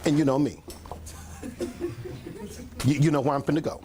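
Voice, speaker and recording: An older man, a pastor telling a rambling, animated story in a sermon to his congregation, often clearing his throat and coughing. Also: on the high side, normal speed. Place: church meeting room with a congregation.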